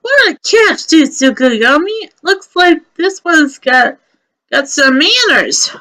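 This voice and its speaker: A busy, friendly male rabbit courier in a fantasy game, as a woman reading the story puts him on. He talks in a high, bright, eager rush of pals and boasts, breezy and a little full of himself. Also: sing-song, slow pace, heavily acted.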